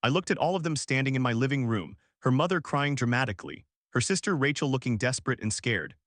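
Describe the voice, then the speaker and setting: A man reading a first-person family drama story aloud in a calm, even narrating voice. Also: medium pitch, fast, dry recording, clean studio sound.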